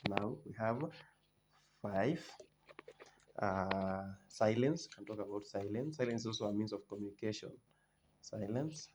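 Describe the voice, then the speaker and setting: A man's voice: on the low side, unhurried, long pauses. A man teaching an exam revision lesson, listing points one by one, repeating key terms and often restarting his sentences. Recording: noisy background.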